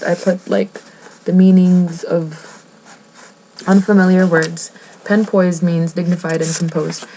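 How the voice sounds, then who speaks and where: Here a woman vlogger giggles, rambles and breaks off mid-thought as she reads from a book and chats. Her voice is lowish and somewhat dark, and the poor audio carries a little hiss or hum.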